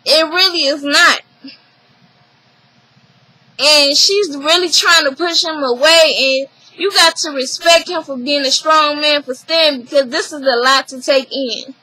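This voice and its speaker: A young adult woman casually recapping a reality show episode, retelling scenes with animated emphasis and acting out the others' lines. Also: high-pitched, poor audio.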